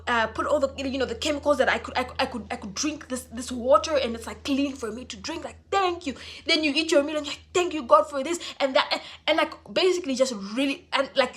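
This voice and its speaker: A young woman vlogging in casual chat, animated and chatty, with many fillers and restarts. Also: fairly high pitch.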